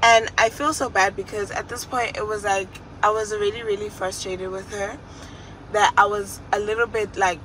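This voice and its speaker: A woman's voice: mid-range voice, steady tone, normal speed, a bit bright, slight background noise, low-quality recording. A young woman telling a personal story in a storytime vlog, speaking candidly and emotionally. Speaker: vlogger.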